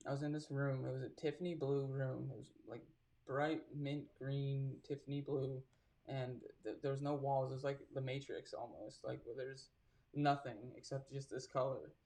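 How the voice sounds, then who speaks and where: A man, a tattoo artist, talking in a casual interview and telling stories in a halting, reflective way. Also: medium pitch, steady tone, darkish tone.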